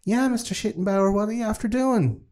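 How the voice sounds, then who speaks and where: A frightened little girl, very young, with a squeaky, high voice, as a man puts her on mid-story. She sounds small and scared. The voice sits far above his own and comes across thin and strained. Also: a little fast, darkish tone, close to an everyday voice. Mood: pleading.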